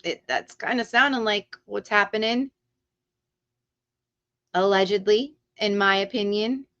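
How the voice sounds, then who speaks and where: A woman's voice: medium pitch, measured pace, bright, forceful tone. A woman hosting a livestream who rants heatedly, swears freely and. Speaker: livestream host. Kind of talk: ranting livestream talk. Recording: dull lo-fi stream audio.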